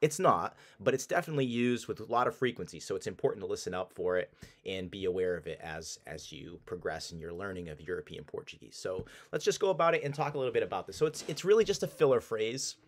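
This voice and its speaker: A man teaching a casual language lesson, explaining with relaxed restarts and repeating example phrases slowly. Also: on the low side.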